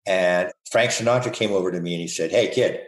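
A man's voice: deep voice, fast talker. Older man telling rambling stories, roomy sound. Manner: rambling storyteller, playful, laughs often. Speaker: guest. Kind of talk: casual podcast interview. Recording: roomy echo.

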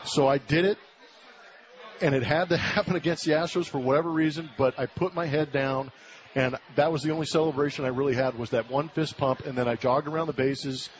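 A man's voice: on the high side, fairly quick. A man in his forties from Southern California, a former ballplayer telling a story as a guest in a casual interview. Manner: animated storyteller, acts out quoted voices. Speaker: former baseball player, guest. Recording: muffled radio broadcast audio.

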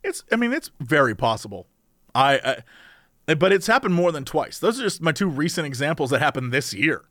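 A man on a podcast with a high, very lively voice that jumps around as he tells stories. He keeps lapsing into quick impressions of other people. The sound is dry and close to the mic. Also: no echo. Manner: animated storyteller who slips into voices. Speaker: podcast co-host. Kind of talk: casual chat.

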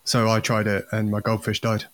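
A man co-hosting a podcast, delivering deadpan one-liner jokes in casual chat. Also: lowish voice, moderate pace, noisy background. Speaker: podcast co-host and editor. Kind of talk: casual dad-joke swapping.

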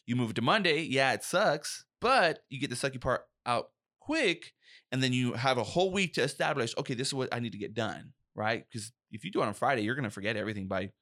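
Young guy safety pro chatting on a podcast, lively and emphatic, dry close sound. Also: mid-range voice, quick pace, no room sound. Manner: animated, emphatic, acts out quotes. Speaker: podcast co-host, safety professional. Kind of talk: casual podcast chat.

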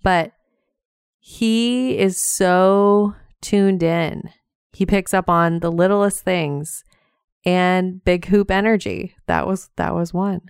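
A woman's voice: lowish voice, slow pace, smooth, no room sound, clean studio sound. A woman hosting a podcast, chatting casually and laughing often as she talks straight to her listeners. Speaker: podcast host. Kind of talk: casual chat.

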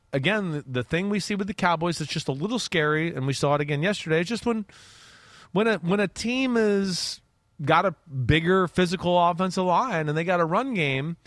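A man's voice: high-pitched, fairly bright tone, no room sound. A man giving casual football analysis in a loose, rambling way with restarts and the odd curse. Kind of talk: casual sports talk.

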